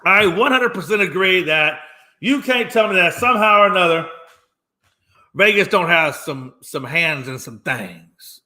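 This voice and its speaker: A high, sharp male voice with lively intonation moves at a measured pace through a solo sports talk rant. The host mocks and emphasizes, repeating lines for effect on his own show.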